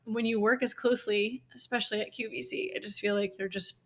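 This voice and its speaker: A woman's voice: mid-range voice, fairly even intonation, brisk. A woman co-hosting a podcast, talking openly and emotionally in a frank conversational way, with lots of "like". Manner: emotional, open, heavy use of "like"; frank, occasionally swears. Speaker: podcast co-host. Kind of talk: candid conversational podcast talk.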